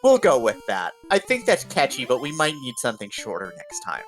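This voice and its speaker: An upbeat man calling a retro video game race as commentator, clearly laying out goals and rules for the audience. His voice sits at an ordinary middle pitch, with faint music underneath. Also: huge pitch swings, a little fast, fairly bright tone. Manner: explanatory, upbeat, fills in game rules for viewers. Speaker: tournament commentator. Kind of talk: esports play-by-play commentary.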